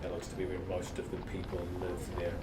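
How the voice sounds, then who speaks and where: A man's voice: low-pitched, completely flat delivery, fairly quick. A man narrating a tabletop game as game master in a loose, meandering way. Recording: roomy, far from mic, noisy.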